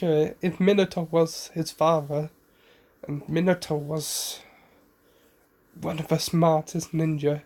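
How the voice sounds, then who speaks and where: A man's voice: on the high side, darkish tone. A man casually retelling a fan story, rambling with fillers, self-corrections and the odd cough.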